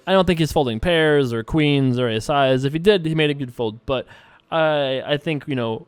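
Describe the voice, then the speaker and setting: A man's voice: mid-range voice, no echo. A man casually commenting on his online poker hands and answering viewer emails, rambling and thinking aloud with a self-amused tone, from a room at home.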